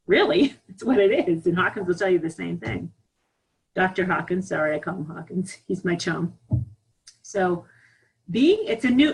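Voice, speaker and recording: A woman leads a live spiritual group call, her voice husky and a little breathy. She talks in a candid, animated way and laughs often. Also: mid-range voice, poor audio. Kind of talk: casual spiritual talk. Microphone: online group call.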